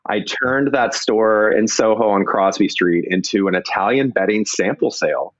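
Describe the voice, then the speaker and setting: Lower-voiced man telling a business story. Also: moderate pace, dry recording, dull audio. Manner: rambling, restarts, acts out quoted people. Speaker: entrepreneur guest. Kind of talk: casual storytelling interview.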